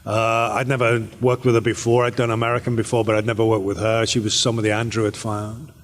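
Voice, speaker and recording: A British actor answering fan questions on a convention panel, relaxed and rambling with many fillers and restarts. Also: male voice, on the low side, quick pace. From Britain. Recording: echoey convention hall.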